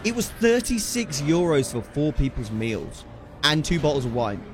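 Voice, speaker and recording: A man chatting casually with his stream viewers, animated and laughing often, with "dude" in many of his sentences. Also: on the high side, normal speed, slight background noise.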